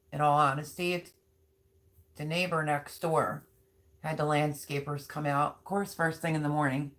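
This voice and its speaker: Middle-aged woman, deep speaking voice, easygoing rambling host of a home live chat. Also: a bit bright. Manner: chatty, rambling, many ums. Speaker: livestream host. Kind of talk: casual live chat reading comments.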